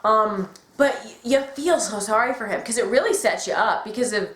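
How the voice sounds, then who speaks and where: Excitable woman gushing, echoey room. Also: a little high, normal speed. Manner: excitable, gushing, acts out quotes. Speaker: podcast guest. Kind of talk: casual fan chat.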